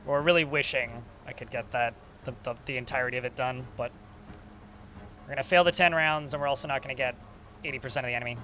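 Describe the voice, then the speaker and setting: A man's voice: medium pitch, steady tone, quick pace, pushed and bright, a little hiss or hum. A man casually commentating a strategy game while streaming, chatty and swearing now and then. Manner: chatty, swearing, talks to chat.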